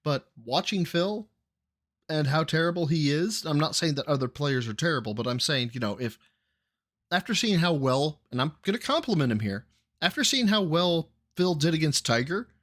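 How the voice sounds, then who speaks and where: A man's voice: on the high side, lively intonation, moderate pace, fairly bright tone. A man hosting a casual reaction show, thinking aloud and teasing while watching gameplay. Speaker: host reacting to a stream.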